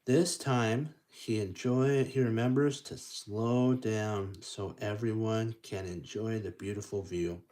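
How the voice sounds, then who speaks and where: A man's voice: fairly low pitch, slow, hardly any pauses. A man reading a picture book aloud to children in an encouraging way, making train sounds and dropping to whispers. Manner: encouraging, lively, drops to whispers and chugging sounds. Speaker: storytime reader.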